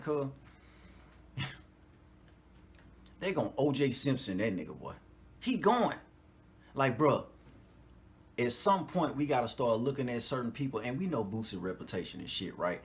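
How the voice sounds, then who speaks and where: A man hosting a podcast in a casual, profane monologue, laughing often and checking in with his listeners. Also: medium pitch. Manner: animated, profane, laughs often, frequent "you know what I'm talking about". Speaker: podcast host.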